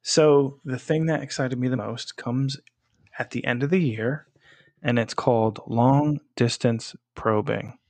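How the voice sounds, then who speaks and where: A man's voice: medium pitch, steady tone, a little slow, a little mellow, dry recording. A man co-hosting a gaming podcast, chatting casually in an upbeat, joking way and laughing easily. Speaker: podcast co-host. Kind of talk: casual chat.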